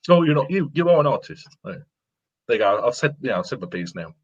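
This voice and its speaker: A man's voice: mid-range voice, sing-song, fast talker, breathy edge. A man, a guest watercolourist, talking earnestly and repeating himself to encourage others in a casual interview. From England. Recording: lo-fi sound.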